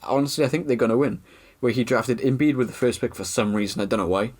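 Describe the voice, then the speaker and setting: A man's voice: mid-range voice, fast talker, darkish tone. Guy on a podcast, teasing, chatty, laughs a lot. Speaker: podcast co-host. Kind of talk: casual sports chat.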